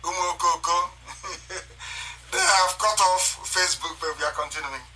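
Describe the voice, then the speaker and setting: Male broadcaster, live stream, very bright and piercing tone, heated and repetitive, laughs between lines. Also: sits high, normal speed, distant mic, slight background noise, rough recording. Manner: fiery and accusatory, repeats phrases, laughs between lines.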